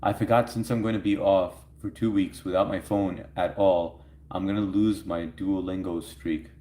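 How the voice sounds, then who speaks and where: A man's voice: low-pitched, steady tone, normal speed, mellow. A man hosting a livestream, chatting casually with viewers, laughing often and reading their comments aloud. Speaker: livestream host answering chat. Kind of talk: casual chat. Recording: echoey room.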